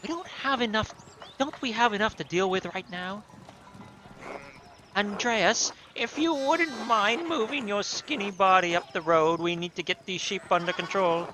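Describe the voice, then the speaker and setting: A man's voice: high voice, a little slow, background noise, voice pushed up. A man voicing a stern middle-aged village mother who scolds sharply in exasperation. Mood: scolding.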